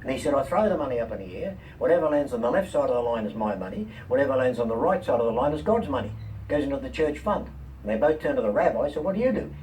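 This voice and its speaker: An older man, a comedian and talk-show guest, telling lively anecdotes and voicing the people in them. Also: mid-range voice, fast. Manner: lively, quotes people in animated voices. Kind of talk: anecdotal storytelling. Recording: distant mic, faint room noise.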